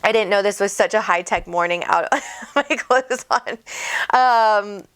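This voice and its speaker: A woman's voice: medium pitch, normal speed, fairly bright tone. A woman hosting a casual home livestream on a desk microphone, chatty and bubbly, reading out viewers' comments. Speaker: psychic medium host.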